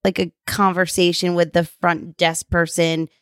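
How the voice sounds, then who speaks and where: A woman guesting on a podcast, chatting casually and retelling a story with lively self-mockery. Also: on the low side, measured pace, clear, resonant tone, dry recording, studio quality. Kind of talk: casual chat.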